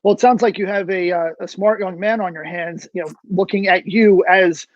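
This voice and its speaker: A man's voice: high-pitched, fairly even intonation, moderate pace, no room sound. A laid-back male host who talks in a loose, easygoing way and fills his questions with small hesitations. The sound is dull and dry, like a muffled call. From New York. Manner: easygoing, uses many fillers. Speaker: interview show host. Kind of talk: casual interview hosting. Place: video call.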